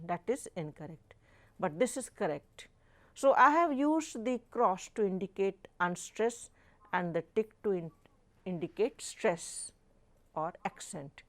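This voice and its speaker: Slow, deliberate woman lecturing with Indian accent. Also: medium pitch, expressive. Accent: Indian English. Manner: emphatic, stresses words to demonstrate pronunciation. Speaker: professor teaching a live online course.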